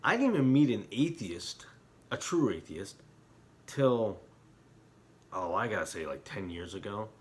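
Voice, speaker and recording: A middle-aged man talking as an internet preacher, heated and emotional in places, quiet and somber in others. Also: on the low side, sing-song, unhurried, pauses often. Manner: heated, talks with rising emotion and repeated apologies; quiet and somber when reflecting. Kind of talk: impassioned religious commentary.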